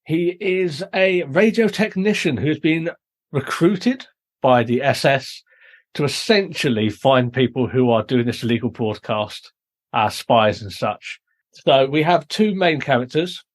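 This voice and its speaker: A man's voice: mid-range voice, expressive, a little slow. A British man hosting a podcast, explaining and recapping a story at length in casual review chat. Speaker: podcast host.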